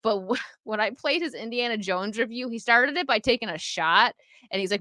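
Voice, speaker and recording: A woman with a bright, forward voice chats casually on her livestream, answering chat and laughing often. She speaks into a close desk microphone in a dry, dead-sounding room with no echo. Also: a little high, expressive, a little fast. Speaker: streamer chatting with live chat.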